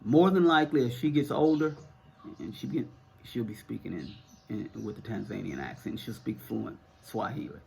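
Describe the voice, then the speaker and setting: A man's voice: mid-range voice, normal speed, creaky, darkish tone, a little hiss or hum. A middle-aged American man with a Northern US accent, answering viewer questions in a casual, rambling talk full of fillers and repeated words. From United States.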